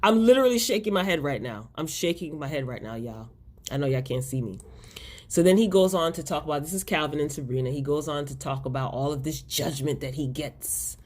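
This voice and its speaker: A woman with a slightly low voice gives a casual spoken review of a TV episode. She is chatty and openly exasperated, and she talks directly to her viewers. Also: animated, a little fast, darkish tone. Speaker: TV episode recap host.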